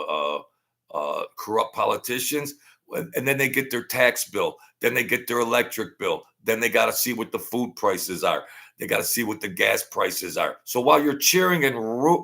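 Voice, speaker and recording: A man's voice: fairly low pitch, gravelly, sharp tone. A man hosting his own channel, delivering an emphatic, repetitive political rant and mocking his opponents in a put-on whine. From Italian-American family. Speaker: political commentary host.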